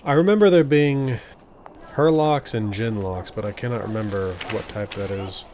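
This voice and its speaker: A man's voice: fairly low pitch, moderate pace, noisy background. A man casually commenting on his own gameplay, musing aloud as he explores. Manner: musing aloud, chuckling, rambling. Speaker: gaming video host.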